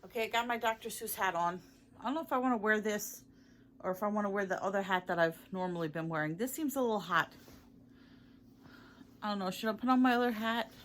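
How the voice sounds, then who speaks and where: A woman's voice: mid-range voice, quick pace, a bit bright, a little hiss or hum. A woman, rambling and repeating herself as she chats to the camera in a casual vlog. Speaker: vlogger. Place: at home, then in her car.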